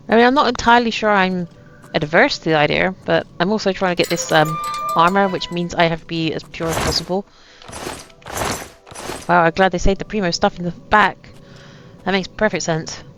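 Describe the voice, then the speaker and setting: A woman's voice: lowish voice, moderate pace, a bit bright, a little hiss or hum. A woman giving chatty, wry commentary on her own game, full of self-mocking asides. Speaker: gaming channel host. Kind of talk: casual gameplay commentary. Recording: dull lo-fi sound with faint ambience.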